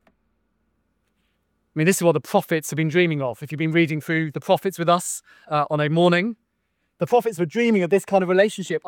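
A man's voice: high-pitched, dry recording, studio quality. A male pastor with a Southern American accent preaching an earnest sermon full of rhetorical contrasts.

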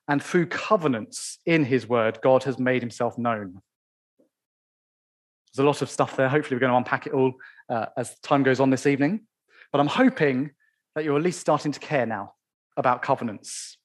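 A man preaching a sermon in church, stressing key phrases slowly and asking the congregation rhetorical questions. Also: medium pitch.

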